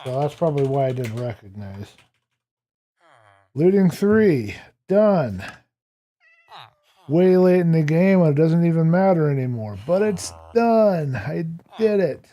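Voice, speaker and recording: A man's voice: on the high side, very animated, measured pace, pauses often, muffled recording. A man streaming a building game, chatting casually to his viewers and to the game's characters and chuckling often. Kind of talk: casual gameplay commentary.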